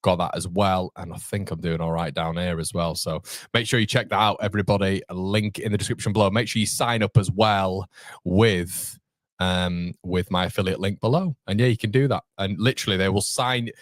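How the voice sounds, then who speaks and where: A man hosting a live match watchalong, chatty and excitable, talking straight to his viewers. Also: deep voice, a little fast, dry recording. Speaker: host of a football fan channel.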